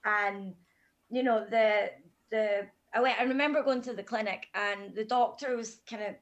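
Frank, calm woman telling her story. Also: mid-range voice, normal speed. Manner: calm, frank, matter-of-fact. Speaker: podcast guest. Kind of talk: candid personal storytelling.

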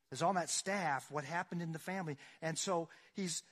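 A man's voice: fairly high pitch, moderate pace, few pauses, a bit bright. A man preaching a sermon, reading scripture aloud with rising dramatic force and asking the congregation questions. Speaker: pastor.

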